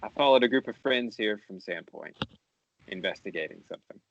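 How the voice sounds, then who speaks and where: Mann spielt einen wortkargen Helden mit russischem Akzent. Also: male voice, fairly low pitch, lively intonation, a little fast, vocal fry, fairly bright tone, muffled recording, a little hiss or hum. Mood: guarded. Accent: put-on Russian. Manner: clipped, reluctant, few words. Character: terse male hero speaking with a Russian accent.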